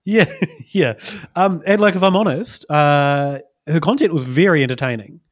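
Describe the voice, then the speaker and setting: A man's voice: a little high, normal speed, no room sound, studio quality. A man, co-hosting a casual podcast chat and telling a rambling story with many fillers. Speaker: podcast co-host.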